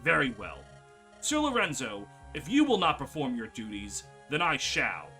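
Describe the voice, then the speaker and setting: A man's voice: medium pitch, big pitch swings, normal speed, bright, forceful tone, faint music behind, pitched below the performer's own voice. Man voicing a cold, commanding inquisition knight. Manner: formal, commanding.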